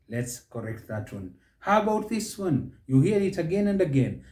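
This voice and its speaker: Kenyan man drilling pronunciation, lively pitch. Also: echoey room. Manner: drills each word by repeating it slowly. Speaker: pronunciation teacher. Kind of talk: instructional monologue.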